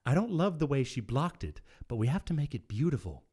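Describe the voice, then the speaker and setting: A man reading aloud the lines of a flirtatious female opera singer in a lively tone. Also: mid-range voice, brisk, slightly rough, voice pushed up. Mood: playful.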